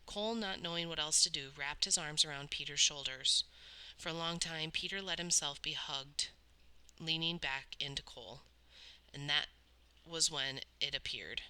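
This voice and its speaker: A woman reads a novel aloud with dramatic storytelling. Her voice sits low, with a tense, sharp brightness to it. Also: normal speed, clean tone, poor audio. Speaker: audiobook reader. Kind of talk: read-aloud novel narration.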